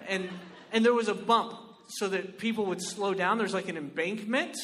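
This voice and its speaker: A man with a very high, bright, forceful voice tells a stand-up story. He is animated and exclamatory and keeps asking the audience "right?" His voice rings out with a long hall reverb. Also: moderate pace, a little hiss or hum. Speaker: comedian.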